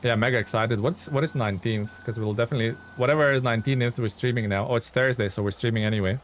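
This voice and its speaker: Excitable man chatting on a game stream. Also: medium pitch, quick pace, slight background noise. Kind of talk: casual live-stream chat while playing.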